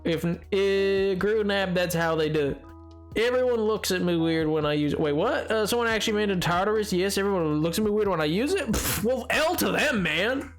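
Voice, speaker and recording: A man with a fairly high voice rambles through a live game stream, chatting with his viewers. He talks playfully and trips over his own restarts, and faint music plays underneath. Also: lively intonation, moderate pace. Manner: rambling and playful, stumbling over restarts while reading chat. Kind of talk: casual live-stream chat while gaming.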